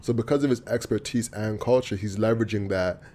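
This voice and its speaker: A man's voice: fairly low pitch, fairly even intonation, brisk, dark tone, slight background noise. A man hosting a podcast, talking casually with slang while guiding the conversation. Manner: casual, uses slang, steers the talk. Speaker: podcast host. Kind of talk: casual chat.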